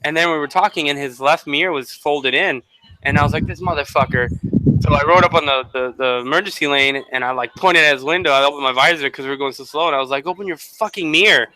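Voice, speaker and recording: A man tells riding stories in a blunt, profane way. His voice is bright and a little high. He sounds casual, like a co-host among friends. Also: steady tone, quick pace, slight background noise, low-quality recording. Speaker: motovlogger co-host. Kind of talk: casual storytelling chat.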